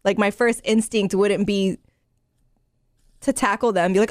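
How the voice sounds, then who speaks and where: A woman's voice: mid-range voice, expressive, moderate pace, a little mellow, no echo. A woman co-hosting a casual podcast, chatting easily and reacting to her partner. She laughs readily. Her voice sits close and dry on the mic. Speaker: podcast co-host. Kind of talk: casual chat.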